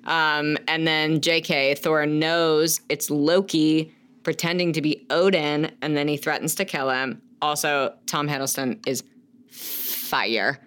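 A young woman co-hosts a casual movie podcast, gushing and swearing as she recaps scenes. She laughs often and acts out the characters' lines in quick bursts. Her voice sits a little low for a woman. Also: fairly even intonation, a bit bright, clean tone. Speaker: podcast co-host.

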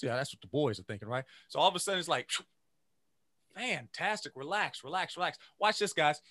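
A man who teaches music, giving an energetic motivational talk to teachers and chanting phrases in rhythm. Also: fairly high pitch, a little fast, no echo. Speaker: music educator.

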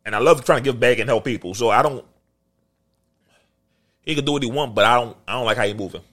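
A young adult man co-hosting a podcast in casual chat, a profane, animated storyteller. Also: mid-range voice, fast. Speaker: podcast co-host.

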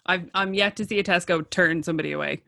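A woman's voice: fairly low pitch, fairly even intonation, fast talker, vocal fry, pushed and bright, a little hiss or hum. A young woman, chatting casually with short, teasing reactions and quips. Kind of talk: casual chat.

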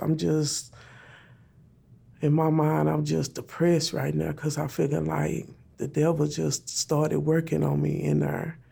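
A woman's voice: deep voice, vocal fry, mellow, husky. A woman telling an emotional personal story in plain, repeated phrases, speaking her prayers aloud.

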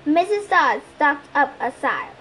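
A woman reading a novel aloud as an amateur audiobook reader, lively, putting on voices for the quotes. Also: sits high, measured pace, slight background noise, low-quality recording.

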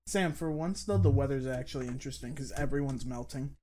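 A man's voice: medium pitch, fast, crowd noise. A man co-hosting a casual podcast chat, rambling and crude with lots of fillers. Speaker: podcast co-host.

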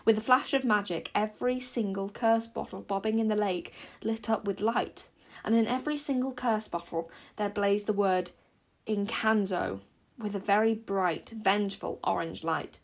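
A woman's voice: mid-range voice, moderate pace. A teenage girl hosting her own podcast, chatting briefly and then reading a chapter of a children's book aloud. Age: teens. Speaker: podcast host and storyteller.

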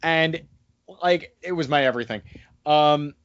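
Animated man recapping wrestling casually. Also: on the high side, measured pace, highs cut off, a little hiss or hum. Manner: animated, breaks into excited mimicry. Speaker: podcast co-host.

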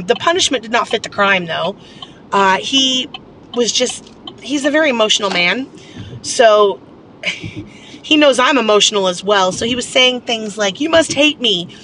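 A woman's voice: on the high side, sharp tone, slight background noise. A woman telling a personal story in a casual, candid vlog, rambling and venting with lots of fillers. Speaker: vlogger.

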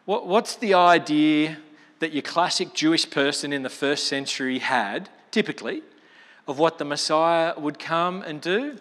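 A man's voice: a little high, a little slow, fairly bright tone. A man preaching a sermon in a chatty, storytelling way, with colloquial asides. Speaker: pastor. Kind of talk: expository sermon. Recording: long reverb of a large hall.

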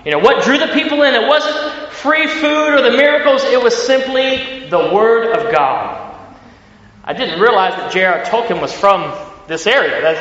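Late-30s male preacher, Ohio country accent, high and bright, echoing in a big hall. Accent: Ohio country American. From Ohio, US Midwest. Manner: energetic, repeats words, frequent fillers. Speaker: pastor. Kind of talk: sermon. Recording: echoey hall, dull sound.

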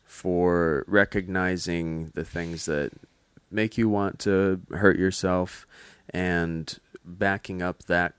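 A man's voice: sits low, fairly even intonation, takes it slowly, hardly any pauses, fairly bright tone, clear, resonant tone, no room sound. A man, a clinician, explaining patiently in casual podcast talk with many restarts. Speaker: mental health clinician guest.

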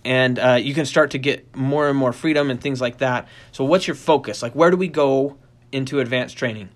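Middle-aged man, dog trainer, casual instructional talk, animated, rambling restarts, mid-pitched voice. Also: moderate pace. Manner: animated storyteller, acts out quoted voices in a high pitch; rambling with frequent restarts and fillers.

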